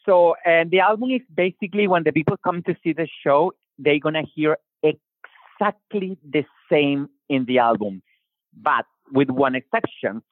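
A man with a Latin American Spanish accent and Spanish as his first language, talking about his music in a casual interview. He is animated, restarts his sentences often and acts out quotes. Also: a little high, moderate pace, no echo. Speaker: singer-songwriter guest. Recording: tinny phone-line call.

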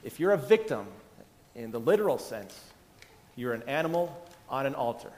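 A man's voice: medium pitch, animated, moderate pace, a little mellow, in a large hall. A male pastor giving a conversational sermon, often restarting his sentences and chuckling. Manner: conversational, self-interrupting, chuckling.

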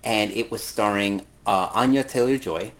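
A man's voice: fairly low pitch, moderate pace, fairly bright tone. A man co-hosting a podcast in casual chat, joking and mock-opinionated, swearing and laughing often. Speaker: podcast co-host.

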